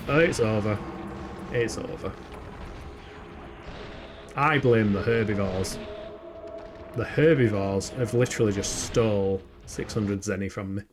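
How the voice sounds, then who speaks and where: A man's voice: lowish voice, unhurried, pauses often, over music. A young man with a Yorkshire accent, chatting casually and swearing now and then while playing a video game live and answering his chat. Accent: Yorkshire English. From England. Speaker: game streamer.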